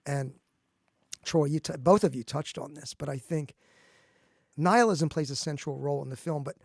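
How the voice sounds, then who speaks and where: A man's voice: a little high, gravelly, darkish tone, no echo, clean studio sound. A man who is a philosophy professor, thinking aloud in a casual academic podcast discussion and often restarting his phrases.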